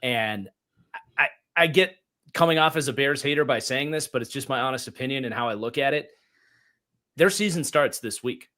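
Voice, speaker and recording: A man co-hosting a casual football show, who gives blunt, opinionated takes in quick runs of speech. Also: medium pitch, bright, forceful tone. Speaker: co-host, football analyst. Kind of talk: casual sports chat.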